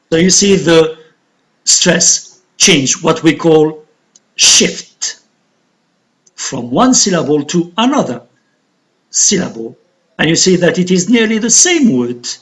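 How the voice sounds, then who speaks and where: A woman with an Algerian accent teaching a recorded English pronunciation lesson, speaking deliberately and repeating words for drilling. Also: deep voice.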